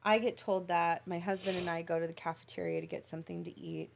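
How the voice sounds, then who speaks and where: A woman's voice: on the low side, steady tone, fast, a little hiss or hum. A woman, a podcast guest, telling an emotional personal story in an earnest, reflective way. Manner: earnest, reflective, tells stories in detail.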